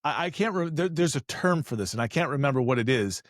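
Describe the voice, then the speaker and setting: Animated joking man, dry close sound. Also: fairly high pitch, quick pace, no echo. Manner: animated storyteller, acts out voices, joking asides. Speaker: e-commerce expert. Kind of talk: casual podcast conversation.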